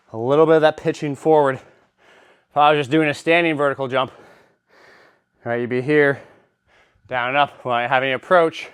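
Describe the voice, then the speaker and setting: Out of breath between sets in a gym, a fitness vlogger puffs as he casually explains how he uses a training machine. His medium-pitched voice is clear and resonant, with no echo.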